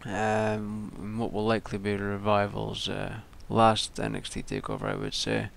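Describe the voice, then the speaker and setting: A man's voice: lowish voice, completely flat delivery, moderate pace, vocal fry, slight background noise. A young man giving casual, rambling solo commentary, with frequent ums and restarts. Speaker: wrestling vlogger.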